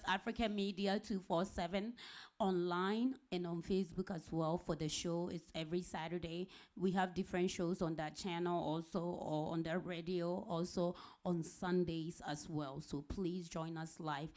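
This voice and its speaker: A woman's voice: lowish voice, fairly even intonation, normal speed, darkish tone. A woman from Ghana hosting a live talk show, upbeat and repeating details, often laughing.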